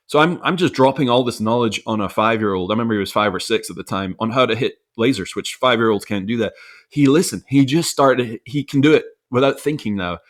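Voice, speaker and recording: A man in his thirties tells a story from home as a podcast co-host. He talks in a reflective, earnest way and keeps restarting his sentences, at an ordinary mid pitch. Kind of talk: casual conversational storytelling.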